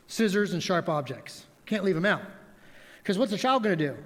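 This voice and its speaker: Male pastor, high voice, lively storytelling sermon, long church reverb. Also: normal speed. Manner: animated storytelling with props. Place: church sanctuary.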